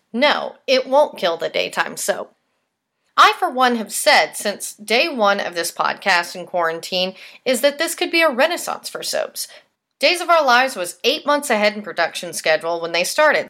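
A woman hosts a podcast in a chatty, animated way, tossing in playful asides as she goes. Her voice sits a little high and rings very bright. She sounds casual and talkative throughout. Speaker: soap opera podcast host. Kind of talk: casual podcast commentary, reading fan tweets.

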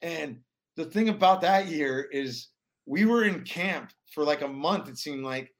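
A man in his forties, a former pro hockey player from Alaska, telling stories in a rambling, animated way with many restarts. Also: on the high side, a little slow. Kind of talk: casual storytelling interview.

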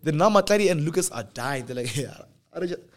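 A young man with a South African accent telling a personal story in a casual, animated way, acting out the other people's lines. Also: on the high side, fast. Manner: animated, acts out dialogue in different voices. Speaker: podcast host.

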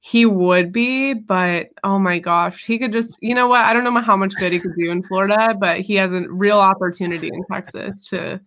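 Woman podcast co-host, bright tone, upbeat, casual sports talk. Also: mid-range voice, normal speed, few pauses.

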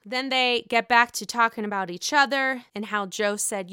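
Woman, casual recap host, chatty and profane, bright crisp voice, dry close sound. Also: a little high, moderate pace, few pauses, dry recording. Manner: chatty, profane, acts out quotes. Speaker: podcast host recapping a reality show.

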